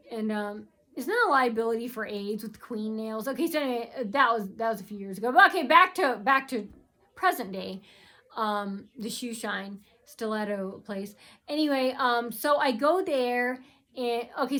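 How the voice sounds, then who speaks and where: A woman's voice: a little high, a bit bright. A woman vlogging, rambling and repetitive as she complains. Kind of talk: rambling personal vlog.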